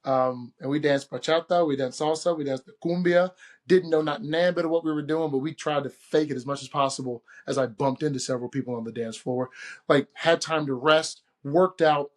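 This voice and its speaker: An animated man tells a travel story in a relaxed monologue. His voice sits a touch higher than most men's, and he acts out the people he quotes with shifting voices. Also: a little fast. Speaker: podcast host.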